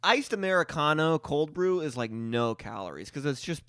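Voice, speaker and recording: Podcast co-host, gravelly man, lively swing in pitch, dry close sound, casual swearing. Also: normal speed, dry recording. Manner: animated, swears often, jumps between topics. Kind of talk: casual chat.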